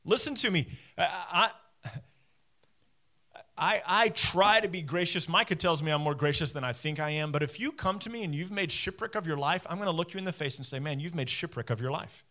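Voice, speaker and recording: Talking straight to the congregation, this man serves as teaching pastor, delivering a sermon from the church stage with self-deprecating jokes. His voice sits high, his delivery is fairly quick, and his manner is conversational and animated.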